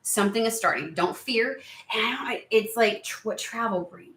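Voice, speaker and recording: A woman chatting excitedly and rambling on tangents during a spiritual card reading video. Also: a little high, normal speed. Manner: excitable, rambling, lots of exclamations. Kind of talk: casual chatty reading vlog. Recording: roomy echo.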